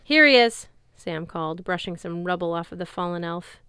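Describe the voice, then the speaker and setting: A woman's voice: lowish voice, completely flat delivery, fairly quick, clear, resonant tone, no room sound, natural voice. A woman voicing a tough teenage girl who speaks in a blunt, wry way. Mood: relieved.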